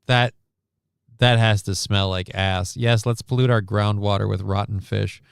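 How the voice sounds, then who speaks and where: A man's voice: on the low side, fairly even intonation, a little slow, gravelly, clean tone, no echo, clean studio sound. A man streaming casual reaction commentary on a news clip, sarcastic and rambling, reading chat comments aloud.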